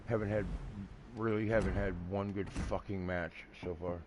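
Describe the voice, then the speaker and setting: A man's voice: low voice, steady tone, moderate pace. A man giving casual, profane, rambling commentary while playing a naval battle game and talking to a friend. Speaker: gamer streaming naval battles. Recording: game noise behind.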